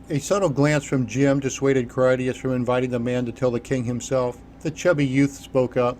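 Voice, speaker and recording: A man narrating an unabridged audiobook in a steady, even reading voice. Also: medium pitch, moderate pace, hardly any pauses, slight background noise.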